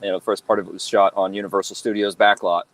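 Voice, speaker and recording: A man in his thirties, a guest telling stories in a relaxed interview, rambling with lots of fillers and restarts. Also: on the low side, fast, dry recording, poor audio. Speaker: guest, fan-film actor and cosplayer. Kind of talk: casual interview chat.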